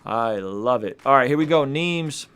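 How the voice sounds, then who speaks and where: Hip hop beats play as a man hosts a casual music review livestream, talking to his chat in a hyped, slangy way. His mid-range voice is smooth and fairly bright, with lively intonation and a moderate pace.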